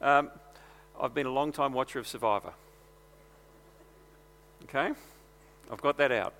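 A man's voice: mid-range voice, a little slow, fairly bright tone, long reverb tail, faint music behind. A man preaching a sermon in a conversational, earnest way, mixing personal stories into his teaching.

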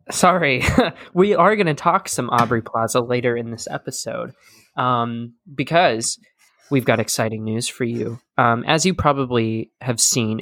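This podcast host is a young man who chats casually, rambling with lots of fillers and self-deprecating jokes. His medium-pitched voice has a fairly bright tone, captured in a dry, studio-quality recording.

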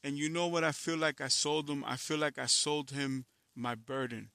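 A man's voice: a little high, fairly even intonation, normal speed, gravelly, bright, forceful tone, dry recording. A man who is a musician, giving a blunt, profane, candid personal monologue, frustrated and reflective.

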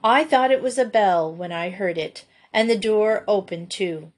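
A woman's voice: medium pitch, unhurried, natural voice. A woman reading aloud, voicing an earnest, dramatic young girl who loves telling stories. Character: bold storytelling girl.

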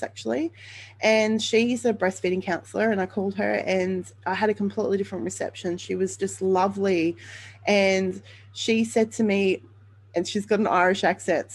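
A woman's voice: mid-range voice, poor audio. A woman hosting a podcast, telling her own story in an earnest, open way with frequent ums and self-corrections. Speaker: podcast host sharing her birth story. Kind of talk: candid personal storytelling monologue.

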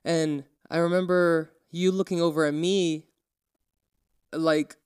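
Bright-voiced young man telling a story. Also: a little high, slow, clear, resonant tone, no echo, studio quality. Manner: animated storytelling, acts out quotes. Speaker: podcast co-host. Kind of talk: casual chat.

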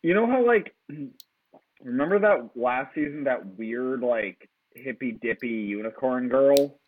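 A man's voice: mid-range voice, expressive, a little slow. A man on a tinny phone-like line. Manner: laid-back, casual, profane. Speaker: podcast co-host. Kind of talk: casual sports chat.

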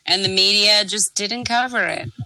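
A woman co-hosting a casual comedy podcast, speaking in a dry, sarcastic, drawn-out way. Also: medium pitch, bright, forceful tone, slight background noise, poor audio. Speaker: podcast co-host.

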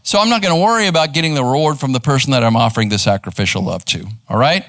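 A middle-aged man, a pastor teaching live in church, conversational and animated as he tells a story. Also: medium pitch, rapid-fire, no echo. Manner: animated, conversational, acts out quoted voices. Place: church sanctuary.

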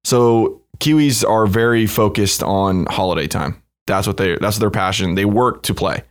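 A young American man, a startup co-founder and podcast guest, talking about his background in a relaxed, easygoing, conversational way. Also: on the low side, moderate pace, clear, resonant tone. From United States. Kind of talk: casual podcast interview.

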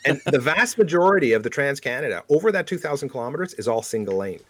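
A man from Canada in casual conversation, telling animated road-trip stories and laughing often. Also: mid-range voice, fast. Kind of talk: casual chat.

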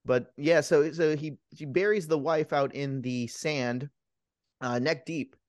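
A man's voice: a little high, a little slow, a little mellow, no echo. A man co-hosting a podcast, casually retelling a film plot in a rambling, profane way with many restarts. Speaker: podcast co-host.

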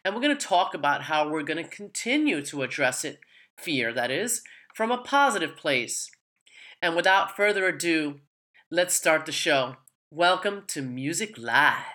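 A woman's voice: sits low, very animated, measured pace, over music, rough recording. A woman hosting a podcast, talking casually and rambling with fillers and laughs. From New York / New Jersey area. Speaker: podcast host.

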